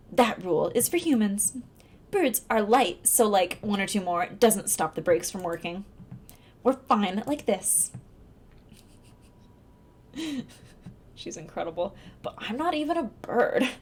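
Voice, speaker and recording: A young woman live-streaming a dating sim, commenting casually, reading lines aloud and breaking into high laughter. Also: sing-song, slow, pauses often, husky. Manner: giggly, bursts into high laughter. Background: faint game music.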